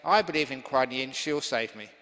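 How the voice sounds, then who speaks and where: A man voicing a stubborn, devout old temple priest who insists on his faith and ends up shouting. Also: medium pitch, moderate pace, natural voice. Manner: insistent, defiant, shouting in the end. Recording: long hall reverb.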